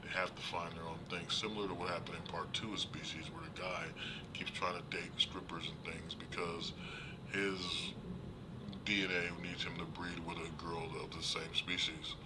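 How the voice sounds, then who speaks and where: A man streaming live, chatting casually and animatedly about movies, laughing often and acting out characters in high voices. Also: little pitch movement, normal speed, very noisy. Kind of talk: casual rambling movie talk.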